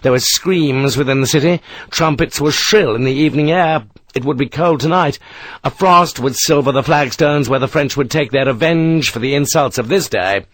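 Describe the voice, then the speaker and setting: Male audiobook narrator, mid pitch, tense storytelling, dry close sound. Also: normal speed, no echo.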